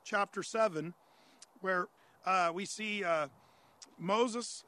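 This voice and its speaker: A male pastor with a high-pitched, pushed and bright voice works slowly through a Bible passage in a conversational sermon. He poses listener questions and answers them, often saying "uh" and restarting.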